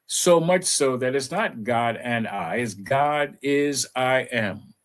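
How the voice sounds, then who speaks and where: A reverend gives a reflective spiritual talk, leading slow guided affirmations full of pauses and repeated phrases. His mid-range voice is animated.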